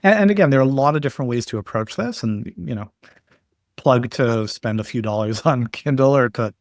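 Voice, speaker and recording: A man's voice: mid-range voice, fairly quick, no echo. Man explaining with stories, dry sound. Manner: explains points with stories and examples. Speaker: podcast guest. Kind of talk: explanatory interview talk.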